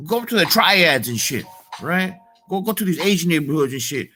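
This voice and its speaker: A man's voice: on the high side, expressive, a little fast, bright, forceful tone, faint music behind. A man delivering a heated, profane, slangy monologue as a motivational vlogger. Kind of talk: casual ranting monologue.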